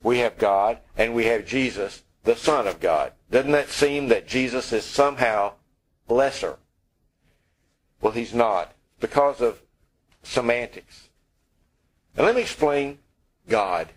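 A man's voice: medium pitch, takes it slowly, pauses often, poor audio. A man preaching a sermon in a conversational, wry way, acting out the lines he quotes.

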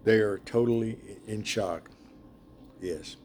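A man leading a casual group Bible study, chatty and animated, laughing often as he retells the story. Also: on the low side, slow pace, slight background noise.

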